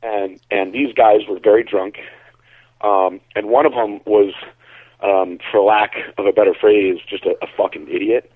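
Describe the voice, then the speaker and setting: A man from Connecticut, a bodybuilder, telling a story in a relaxed, rambling way on a call-in show, heard over a tinny phone line. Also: on the low side, normal speed, slightly rough, dry recording. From Connecticut, USA. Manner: relaxed, rambling, lots of fillers. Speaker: bodybuilder and caller.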